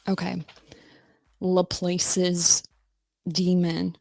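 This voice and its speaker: Gravelly low-voiced woman livestreamer. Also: a little slow, long pauses, a little mellow, no echo. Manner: chatty and self-mocking, fiddling with audio settings. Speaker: livestream host. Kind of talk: casual livestream chat.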